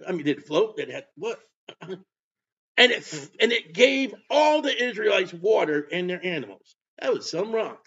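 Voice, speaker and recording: A man preaching a sermon, emphatic, with bursts of loud delivery. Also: high-pitched, very animated, normal speed, vocal fry, breathy edge. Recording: dull lo-fi sound.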